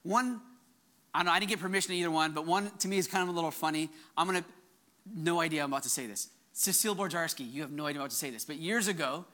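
A male pastor preaching a conversational sermon, breaking off and restarting his sentences and jumping up high when he acts out quoted lines. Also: very fast. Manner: animated, voice jumps high when acting out quotes; conversational, self-interrupting.

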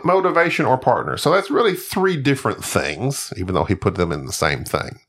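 A man's voice: mid-range voice, very animated, a little fast, hardly any pauses, a bit bright. A man co-hosting a casual podcast, joking around and reading out listener emails. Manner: jokey, mock voices, teasing banter. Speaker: podcast co-host.

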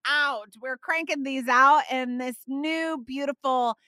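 Chatty middle-aged woman, podcast host, high and bright, dry close mic. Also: fairly even intonation, slow pace, no room sound. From Texas. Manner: chatty and effusive, says y'all and okay a lot. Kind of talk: casual faith podcast chat.

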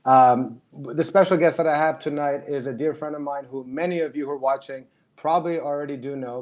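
A man hosting a casual online interview show over a video call, warm and friendly toward his guest. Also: medium pitch. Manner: warm and friendly, praises the guest, chuckles often. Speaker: host.

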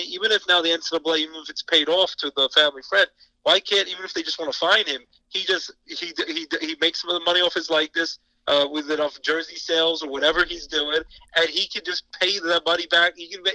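Rapid, bright-toned co-host. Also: male voice, a little high, steady tone, no room sound, low-quality recording. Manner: rapid, piling up reasons in long run-on sentences. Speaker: sports talk co-host. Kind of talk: opinionated sports talk.

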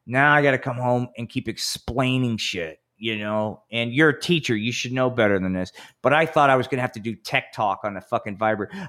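A man's voice: medium pitch, a little fast, hardly any pauses, fairly bright tone. A man in his fifties, a podcast co-host telling rambling, profane stories in casual chat and acting out quotes in a raised voice. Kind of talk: casual storytelling.

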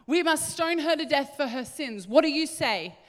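A woman's voice: high-pitched, animated, moderate pace, long reverb tail, pitched above the performer's own voice. A woman voicing pushy, self-righteous male religious leaders with a broad Australian accent during a sermon. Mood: indignant. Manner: brash, indignant.

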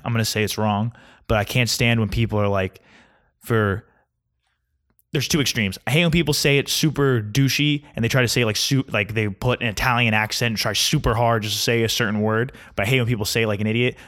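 A man's voice: mid-range voice, a bit bright. A young man ranting in a casual comedic monologue, grumpy and mocking. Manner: grumpy, ranting, mocks mispronunciations.

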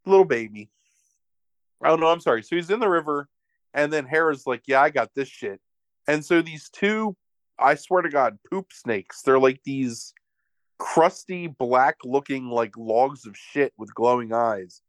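A man's voice: medium pitch, a little slow, dry recording. A young man hosting a podcast, animatedly retelling a film with profanity and acted-out voices. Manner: animated, profane, acts out characters. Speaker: podcast host. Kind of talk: casual chat, comic movie recap.

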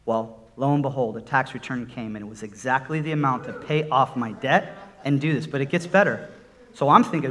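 A man's voice: on the high side, lively intonation, moderate pace, fairly bright tone. A middle-aged man preaching a sermon, telling a personal testimony in an earnest storytelling way that builds into emphatic exhortation.

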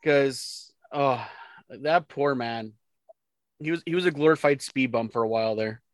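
A man's voice: medium pitch, a little slow, dry recording. Blunt, joking man co-hosting. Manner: blunt, joking, acts out quotes. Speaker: podcast co-host. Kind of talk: casual sports chat.

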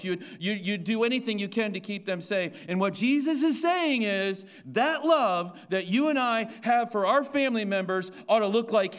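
High-voiced preaching pastor, man. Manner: preaching to a congregation, rhetorical questions, repeats phrases, stumbles on restarts. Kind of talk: sermon.

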